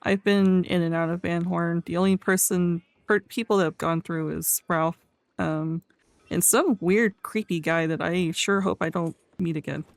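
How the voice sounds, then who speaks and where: A woman's voice: lowish voice, fairly even intonation, normal speed, creaky, dry recording. A woman roleplaying in a game, chatting in character, laughing often and acting out what others said. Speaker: roleplayer playing an outlaw character.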